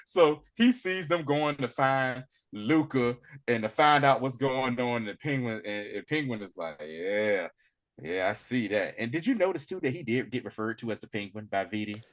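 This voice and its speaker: Guy on a podcast telling a tv episode, super animated, does all the voices. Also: medium pitch, normal speed, hardly any pauses. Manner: animated storytelling, acts out characters. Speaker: podcast co-host. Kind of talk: casual TV episode recap.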